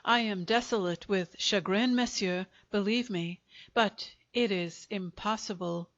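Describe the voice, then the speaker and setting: Woman voicing a polite sad french undertaker, all courtesy and regret, slow, muffled audiobook. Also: mid-range voice, a bit bright, dry recording. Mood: regretful.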